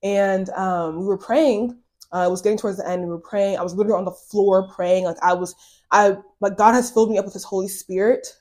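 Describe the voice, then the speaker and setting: A woman's voice: mid-range voice, steady tone, fairly quick, a little mellow. A woman hosting a podcast, telling her personal faith testimony in a casual, earnest way with many fillers. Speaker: podcast host.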